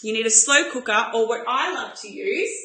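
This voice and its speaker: An enthusiastic woman chats her way through a live cooking demonstration. Her voice sits a little high and sounds bright and forceful. It rings with echo from the kitchen. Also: animated, normal speed. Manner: bubbly, enthusiastic, chatty. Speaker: cooking show host.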